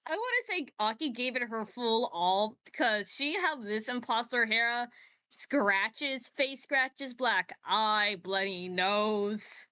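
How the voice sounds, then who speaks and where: A woman's voice: on the high side, expressive, slow pace, bright, forceful tone, clear, resonant tone. A woman playing in a tabletop game, eagerly describing her character's actions. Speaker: player.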